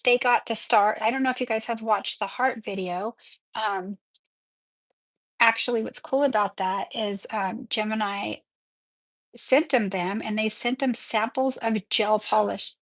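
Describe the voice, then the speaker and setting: A woman hosting a live nail tutorial in a chatty, excitable way, often apologizing as she works. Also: a little high, unhurried, pauses often, dry recording. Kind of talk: casual live-stream tutorial.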